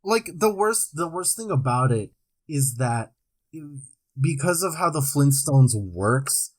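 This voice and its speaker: A young man co-hosting a podcast in casual chat, laying out absurd facts deadpan and sighing between them. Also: a little high. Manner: slow, lively deadpan delivery of absurd facts, sighs. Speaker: podcast co-host.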